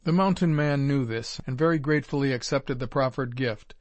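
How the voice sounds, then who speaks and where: A man narrating a first-person adventure audiobook in a measured, formal storytelling manner. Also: medium pitch, dry recording.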